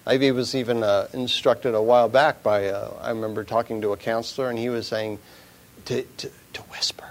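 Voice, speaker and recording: A man giving an informal sermon in a slow, measured, conversational way, with fillers and quoted proverbs. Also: mid-range voice, steady tone. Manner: slow, measured, conversational, drops to a whisper at times. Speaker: preacher.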